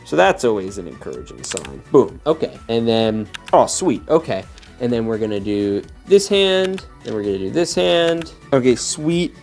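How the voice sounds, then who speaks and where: A man's voice: mid-range voice, darkish tone. A man casually chatting and joking to himself while he unboxes and builds minifigures. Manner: playful, jokey, talks to himself while building. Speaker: LEGO unboxing YouTuber.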